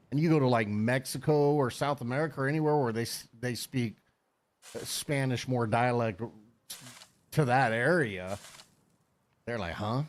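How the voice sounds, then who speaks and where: A middle-aged man hosting a game stream, chatting casually with blunt, profane rambling. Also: medium pitch. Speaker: streamer host.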